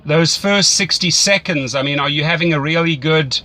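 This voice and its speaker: A man with a South African accent talks through rideshare strategy with an eager, upbeat energy. His voice sits a little high and rings bright and forceful, and he often doubles words as he works out what to say. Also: moderate pace. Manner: enthusiastic, repeats words while thinking. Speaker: rideshare mentor host. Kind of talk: casual mentoring call.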